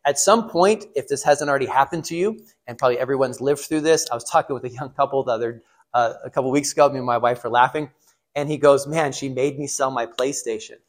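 Speaking quickly in a mid-range voice, a middle-aged pastor or class teacher offers a relaxed sermon about marriage to a class. He chats freely, chuckles at his own anecdotes, and puts questions to the room.

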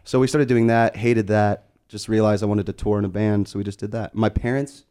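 A man's voice: fairly low pitch, a little fast, smooth. A man from Las Vegas, a musician guest on a podcast, chatting casually, telling stories with lots of laughter and swearing. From Las Vegas, USA. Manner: excitable, laughing storyteller, swears freely.

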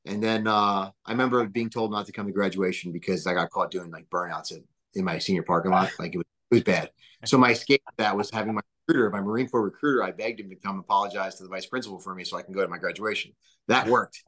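A man's voice: lowish voice, fast talker. A man in his thirties, a guest on a podcast, telling casual stories in a rambling way full of fillers. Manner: rambling, filler-heavy, animated. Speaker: podcast guest, business founder. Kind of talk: casual storytelling interview.

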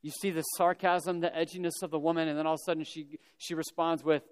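A man's voice: on the high side, little pitch movement, fast talker, clear, resonant tone. A man preaching a sermon, telling the story conversationally with casual humorous asides. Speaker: pastor. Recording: long reverb of a large hall.

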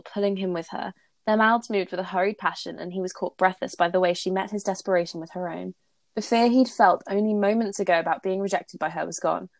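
A woman's voice: medium pitch, dry recording. A woman co-host reading romantic fan fiction aloud, with giggly, embarrassed asides.

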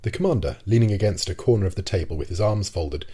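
A man reads a classic novel aloud as audiobook narration. His voice is very low and dark, with a husky grain. He reads at a steady, deliberate pace.

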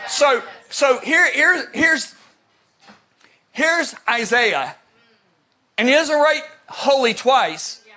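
Male preacher, high voice, animated sermon, shouts for emphasis, rambling asides. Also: drawn-out words, long pauses. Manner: rambling with restarts, jokey asides.

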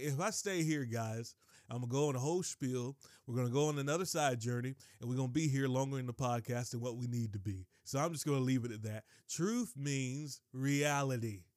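Podcast preacher guy, kinda high voice, gets loud and excited, dry mic. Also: no room sound. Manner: animated, rises to high excited shouts, digresses, laughs. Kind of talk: sermon.

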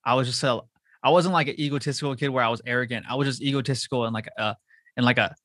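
Man from southern california, fast talker, bright voice, slangy and profane, dry close sound. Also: medium pitch, steady tone, no room sound. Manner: swears a lot, slangy and loose. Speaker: podcast host. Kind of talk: casual chat. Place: home.

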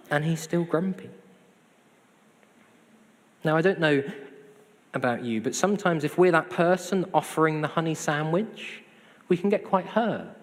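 A man preaching a sermon, conversational with self-deprecating humor. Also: on the high side. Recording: hall reverb.

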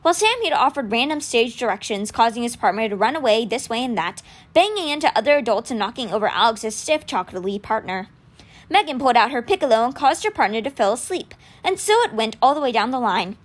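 Brief: a woman reading a novel aloud, expressive storytelling with a lively and slightly high pitch. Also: fast. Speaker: audiobook reader.

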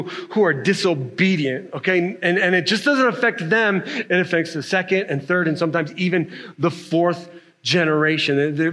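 Animated high-voiced male preacher. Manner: animated, emphatic preaching with frequent "right?" tags. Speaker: pastor. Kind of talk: sermon.

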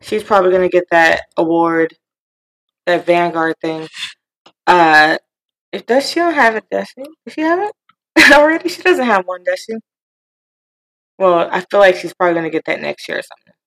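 A woman's voice: lowish voice, lively intonation, normal speed, long pauses, fairly bright tone, poor audio. A woman co-hosting a podcast, chatting casually about pop culture, laughing often and trailing off mid-thought. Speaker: podcast co-host.

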